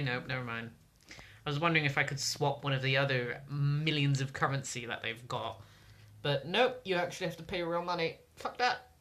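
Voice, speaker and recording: A woman casually commenting while playing a story game, sarcastic and swearing freely. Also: a bass voice. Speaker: gaming video host. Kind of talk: casual let's-play commentary. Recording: loud game music behind.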